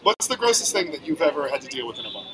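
A man hosting a casual interview, relaxed and conversational, talking from an outdoor table. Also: a little high, racing, a crowd in the background, rough recording. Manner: relaxed, conversational, says "like" often. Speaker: podcast host, bartender. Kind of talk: casual chat. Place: outdoors at a street-side table.

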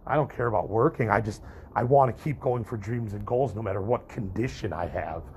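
A young man who vlogs and podcasts rambles candidly to his viewers, swearing freely, restarting sentences and using lots of fillers. His voice is on the low side and slightly mellow, he talks fairly quickly, and there's a little hiss or hum.

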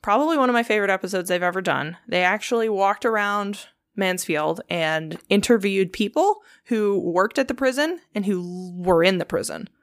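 A young woman telling ghost stories in a relaxed, chatty podcast manner. Her pitch sits in an ordinary middle range. Her speech is loose and full of swearing and filler words. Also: normal speed, hardly any pauses, dry recording, clean studio sound. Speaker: podcast host. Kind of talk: casual storytelling chat.

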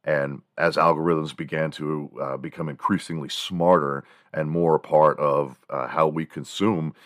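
A man with an extremely deep voice spins a casual, animated story and acts out sounds as he talks. The recording is dry and close, with no room echo. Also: a little slow. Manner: animated, mimics sounds and voices, chuckles while telling stories. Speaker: podcast host.

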